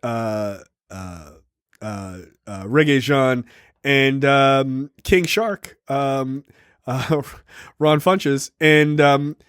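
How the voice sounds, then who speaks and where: Animated man recapping a film, dry sound. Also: mid-range voice, very slow, clear, resonant tone, dry recording. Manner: animated retelling with many fillers and acted quotes. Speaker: podcast co-host. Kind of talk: casual film review chat.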